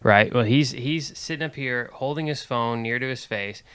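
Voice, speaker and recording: A young man co-hosting a podcast, chatting casually and talking in a halting way. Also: mid-range voice, a bit bright, clear, resonant tone, no room sound. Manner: hesitant, halting, with restarts. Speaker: podcast co-host. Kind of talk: casual chat.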